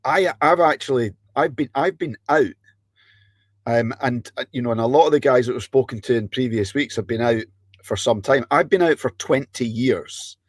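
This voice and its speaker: A man hosting a casual interview chat, teasing his guest and halting over his questions. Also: mid-range voice, dry recording. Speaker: host.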